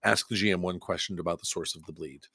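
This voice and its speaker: A man playing a tabletop roleplaying game, thinking aloud as he decides his moves. His voice is fairly low, and he speaks with some hesitation. The recording is dry, with no room sound. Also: steady tone, quick pace, gravelly, pushed and bright, breathy edge, no room sound. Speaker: player.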